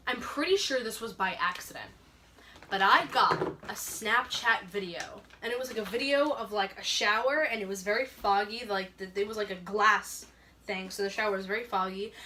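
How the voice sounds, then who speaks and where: A woman's voice: mid-range voice, expressive, moderate pace, bright, forceful tone, a little hiss or hum. A young woman telling a personal story on a casual podcast, rambling, with lots of "like" and frequent laughter. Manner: rambling, heavy use of "like", laughs often. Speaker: podcast co-host.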